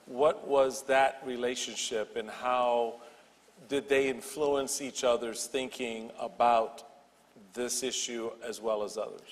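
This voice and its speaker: A male panel moderator asks a question in slow, hesitant phrases. He sounds a bit distant from the microphone, and the hall adds a long reverb. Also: medium pitch, fairly even intonation. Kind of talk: panel discussion.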